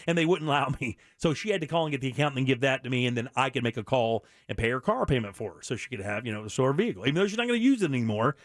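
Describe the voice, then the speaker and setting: A man's voice: medium pitch, expressive, very fast, dry recording, studio quality. A middle-aged man hosting a radio show, talking earnestly and bluntly with many restarts. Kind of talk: candid talk radio monologue.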